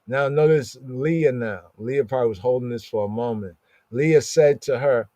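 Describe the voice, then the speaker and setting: A man giving a casual, lively scripture lesson, reading verses aloud and acting out the characters as he explains them. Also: mid-range voice, normal speed, no room sound. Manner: conversational, animated, reads verses and acts out the characters. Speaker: Torah study teacher.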